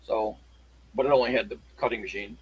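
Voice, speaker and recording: A man chatting casually on a livestream, showing his locksport tools in a halting, rambling way. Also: fairly low pitch, steady tone, slightly rough, poor audio. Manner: halting, rambling show-and-tell.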